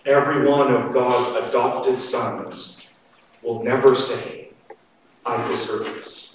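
A man preaching a sermon slowly and emphatically, his voice swinging from loud to quiet. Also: mid-range voice, steady tone. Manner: slow, emphatic preaching with dramatic swings in loudness. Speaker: pastor. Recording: echoey hall, distant mic, faint noise.

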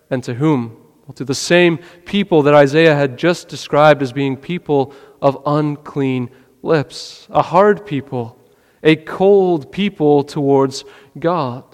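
A man preaching a sermon in an earnest way, asking questions and often dropping his voice low. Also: long reverb tail. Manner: earnest, rhetorical questions, drops to a quiet voice. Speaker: pastor.

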